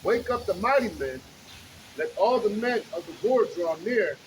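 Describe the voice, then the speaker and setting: A man reading scripture aloud in a slow, deliberate, declaiming way at a street preaching. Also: high voice, animated, slight background noise, poor audio. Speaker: scripture reader.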